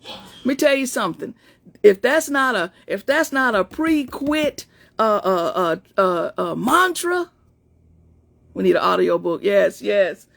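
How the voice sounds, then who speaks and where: Gravelly-voiced woman, excitable coach. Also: mid-range voice, measured pace. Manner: excitable, chatty, addresses listeners directly; reads her own pep talks with rising emphasis. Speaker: motivational coach. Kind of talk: casual live stream chat with followers. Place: at home, indoors.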